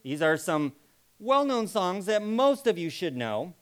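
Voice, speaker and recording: Man, presenter, high voice, slow delivery, demonstrative, interactive live talk. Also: big pitch swings, a bit bright. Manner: demonstrative, acts out sample phrases.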